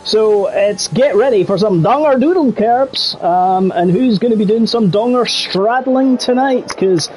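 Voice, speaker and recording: A man's voice: high voice, measured pace, few pauses, darkish tone, a little hiss or hum. A Scottish man doing jokey, rambling live commentary for an online racing league. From Scotland. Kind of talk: live esports race commentary.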